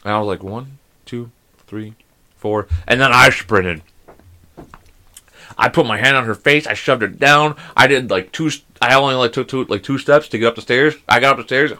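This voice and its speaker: A man in his thirties who hosts a podcast, telling stories in a lively, animated way and swearing a lot. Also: medium pitch, fairly quick. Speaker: podcast host. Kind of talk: casual podcast chat.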